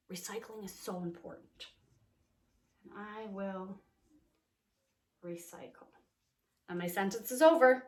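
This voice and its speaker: A young woman teaching a remote lesson to small children, cheerful and encouraging, speaking slowly and clearly. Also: fairly low pitch. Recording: echoey room.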